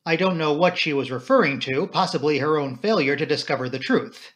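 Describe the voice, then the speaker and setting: A man reading a novel aloud in first person, with measured, steady storytelling. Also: a little high. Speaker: amateur audiobook reader.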